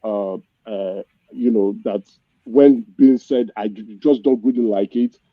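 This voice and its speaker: A man's voice: fairly low pitch, unhurried, dry recording, narrow, tinny audio. A man from southeast Nigeria, a panel guest giving impassioned political commentary, passionate and hesitant with many restarts.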